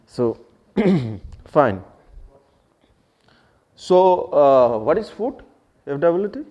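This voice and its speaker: A man's voice: fairly high pitch, sing-song, drawn-out words, warm tone. A man with an Indian English accent teaching an English class, switching into Hindi to explain words and quizzing his students. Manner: explains word meanings, asks the class questions, repeats key phrases. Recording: dull lo-fi classroom recording.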